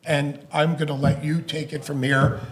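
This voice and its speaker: A man's voice: on the high side, level tone, moderate pace. A middle-aged man and former hockey player, co-hosting a podcast, chatting casually and chiming in eagerly with laughs. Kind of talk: casual chat.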